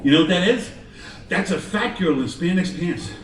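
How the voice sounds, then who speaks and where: A man's voice: high-pitched, lively intonation, normal speed, heavy background noise. A man doing a stand-up comedy set on a live stage, telling rambling, self-deprecating stories with asides. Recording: echoey live room, far from mic, crowd. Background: audience laughter.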